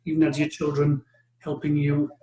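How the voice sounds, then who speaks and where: A man hosting an interview, warmly affirming and enthusiastic. His voice sits a little high and is recorded in an echoey room. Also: completely flat delivery, normal speed, lo-fi sound. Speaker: host.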